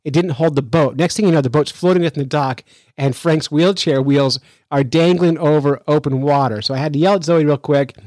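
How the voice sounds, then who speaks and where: Male podcast host, lively and chatty, casual storytelling, dry studio sound. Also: a little high, fairly quick, dry recording. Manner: lively, chatty, with frequent restarts. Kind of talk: casual storytelling and news commentary.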